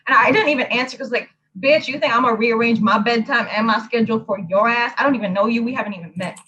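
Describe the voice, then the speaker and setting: A woman in her twenties telling a story in casual chat, blunt, profane and animated. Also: fairly high pitch, fast talker, dull audio, crowd noise. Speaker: host.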